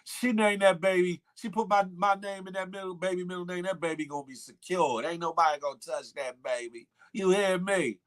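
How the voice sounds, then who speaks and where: High and a bit bright, the man's voice moves a little fast with hardly any pauses. As a morning show host, he reads viewer comments in a casual chat, joking at viewers' expense with slang and laughter.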